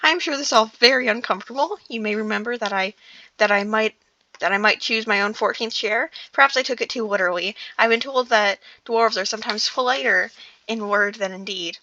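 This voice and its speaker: A woman's voice: on the high side, fairly quick, pushed and bright, no echo, dull audio. Bilbo, a fussy fretful little hobbit, read by a woman. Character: small fretful male hobbit, polite.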